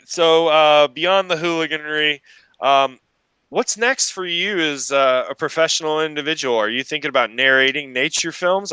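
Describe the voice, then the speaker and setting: Crisp, bright-voiced joking interview host. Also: male voice, medium pitch, no room sound. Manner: joking, teasing, wry. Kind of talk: casual interview chat.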